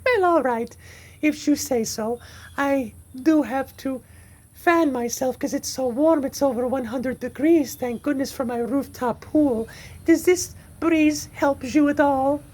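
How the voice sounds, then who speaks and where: A woman's voice: high-pitched, measured pace, darkish tone, rough recording. A woman voicing a theatrical, gushing would-be Southern belle in an amateur audio drama, with a flouncy, sugary manner. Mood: languid.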